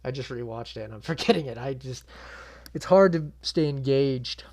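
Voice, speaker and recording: A man's voice: medium pitch, lively intonation, moderate pace, a little mellow. Young man ranting casually about fights. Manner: blunt and swearing, frequently exasperated. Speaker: MMA channel host. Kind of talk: casual reaction commentary.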